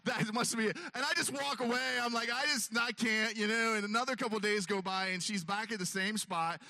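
A man's voice: high voice, fairly even intonation, brisk, bright, forceful tone, no echo. A man telling a long self-mocking story on stage, acting out his own voice and others' as he goes. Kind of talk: stand-up storytelling.

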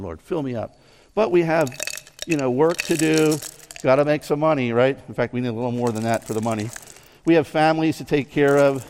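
A man preaching a conversational sermon outdoors near a mountain, asking his listeners questions and moving between soft asides and raised emphasis. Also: mid-range voice, a little hiss or hum. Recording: long reverb.

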